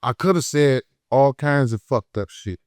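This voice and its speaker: A man from Detroit with a Detroit accent, telling a story in an unfiltered, profane, heated way, swinging between loud and low. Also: moderate pace, clear, resonant tone, no room sound. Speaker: guest. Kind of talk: unfiltered casual interview. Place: podcast studio.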